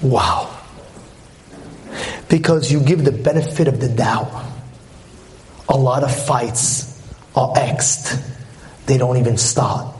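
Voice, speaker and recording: A man giving an animated lecture on marriage as a religious teacher, telling stories and asking rhetorical questions. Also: medium pitch, slow, long pauses.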